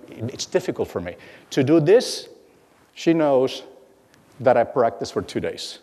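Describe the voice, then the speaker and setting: A man's voice: mid-range voice, very animated, dark tone, breathy edge. Middle-aged guy telling stories at a lecture, keeps restarting sentences, big echoey hall. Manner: halting, repeats words, acts out dialogue. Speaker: guest speaker. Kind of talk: lecture storytelling. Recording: long hall reverb.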